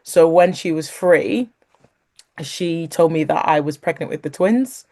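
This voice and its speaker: A woman's voice: sits low, unhurried. A woman, a guest sharing a personal faith story, who talks animatedly, laughs along the way and acts out what others said. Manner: animated, acts out quoted voices; laughs while talking.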